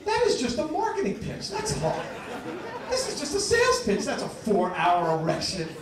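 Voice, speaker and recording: A stand-up comedian in his fifties, a man from New Jersey, trips and restarts his way into deadpan, self-mocking jokes. His rather high voice comes from a distance in a very echoey club. A lively crowd laughs clearly behind him. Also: moderate pace. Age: 50s. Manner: stammering, restarting, self-deprecating deadpan punchlines. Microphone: stage mic in a club. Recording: echoey club recording from far off, crowd noise. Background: audience laughter.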